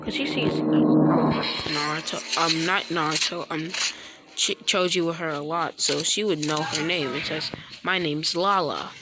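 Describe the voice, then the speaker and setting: A woman rambling through a fan-story retelling, halting often and mixing up names. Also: deep voice, fairly even intonation. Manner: halting, full of restarts and name mix-ups. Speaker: storyteller vlogger. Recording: loud background noise.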